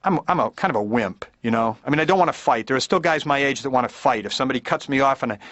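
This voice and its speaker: A middle-aged comedian playing a therapy patient in a cartoon, rambling in a self-deprecating stand-up routine. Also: male voice, medium pitch, expressive, rapid-fire, fairly bright tone, dry recording, natural voice. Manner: rambling, self-deprecating, slips into silly voices. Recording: dull dry cartoon soundtrack.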